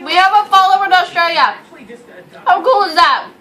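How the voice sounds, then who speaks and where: A young woman with a bright, high voice, firing off giggly quips in casual vlog chat. She acts out little scenes as she talks. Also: a little fast. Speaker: vlog co-host.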